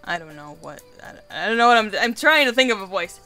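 A woman's voice: medium pitch, big pitch swings, fairly quick, sharp tone, faint music behind. Giggly woman reading a dating game aloud. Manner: giggly, swears casually. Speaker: let's play host.

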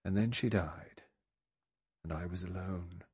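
A man voicing an elderly male retired general in an audiobook, speaking in a halting, resigned way. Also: fairly low pitch, lively intonation, gravelly, slightly rough, no echo, exaggerated voice. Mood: faltering wistful. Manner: halting, faltering, quietly resigned.

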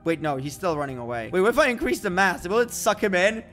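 Young guy doing casual gameplay commentary, kinda high voice, super excitable, joking around, faint music behind. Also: fast talker. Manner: excitable, joking, exclaims often. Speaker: gaming YouTuber. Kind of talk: casual let's-play commentary. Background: faint background music.

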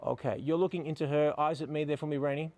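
A man with a slightly higher voice than most men leads a photo shoot outdoors beside a building. He is middle-aged and coaxes his models with constant praise. His tone stays upbeat and encouraging as he explains each step. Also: steady tone, fast, darkish tone. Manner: upbeat, coaxing, lots of praise. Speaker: photography instructor. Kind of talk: on-location teaching, directing models.

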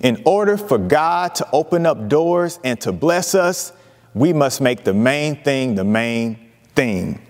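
A man preaching a sermon, emphatic, with dramatic pauses and lively retellings of scripture. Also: medium pitch, in a large hall. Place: church sanctuary.

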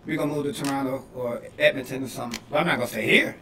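A man from Detroit, a comedian co-hosting a podcast, riffing loudly and laughing through his punchlines. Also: medium pitch, racing, a crowd in the background. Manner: animated, laughing, yelling punchlines. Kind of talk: loose comedic banter. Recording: echoey room, mic at a distance, faint noise.

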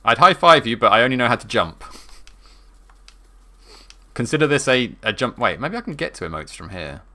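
A male streamer talks through a puzzle game with a friend. His voice is bright and swings widely in pitch, and he is playful and quick to laugh. Faint game music plays underneath. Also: very animated. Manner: playful, laughs often, bursts into loud whoops. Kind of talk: casual gaming chat.

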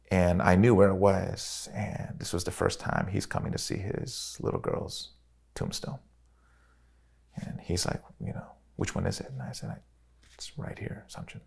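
A middle-aged man telling a personal story in an interview, earnest and reflective, with frequent pauses and restarts. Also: low-pitched, creaky. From Chicago, USA.

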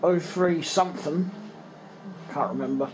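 A man's voice: a little high, measured pace, background noise. An English man vlogging at home in his bedroom, rambling and muttering to himself in casual running commentary as he tidies up, often trailing off mid-thought. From England.

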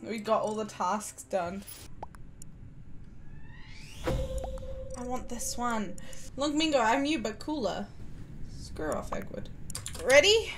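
A woman's voice: a little high, lively intonation, slow, pauses often, music in the background. A woman streamer chatting playfully and giggling through a game with her viewers. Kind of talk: gaming commentary with viewers.

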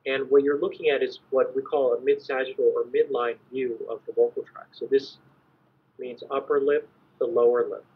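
Husky-voiced man giving a lecture. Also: medium pitch, fairly even intonation. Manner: measured, explanatory, clears throat at times. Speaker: invited conference speaker. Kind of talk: academic lecture. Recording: dull lo-fi recording.

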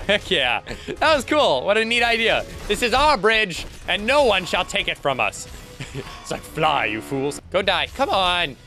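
Young guy doing let's play commentary, high lively voice, laughs a lot, bit of game music under it. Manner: excitable, chatty, laughs and yelps often. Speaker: gaming channel host.

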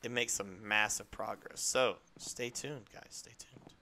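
A young man streaming a game live, chatting in a rambling, excitable way to his viewers and to the creatures on screen. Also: lowish voice, measured pace, a little hiss or hum. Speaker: gaming streamer. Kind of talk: live gameplay chat.

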